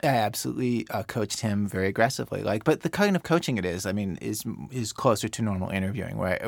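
A man's voice: fairly low pitch, fast, gravelly, hardly any pauses, no echo. A man who works as a radio producer, explaining storytelling craft in a chatty way, full of fillers and repeats. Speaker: radio producer, interview guest.

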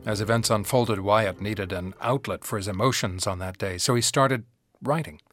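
Low-voiced male radio host. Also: moderate pace, soft background music. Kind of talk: scripted radio introduction.

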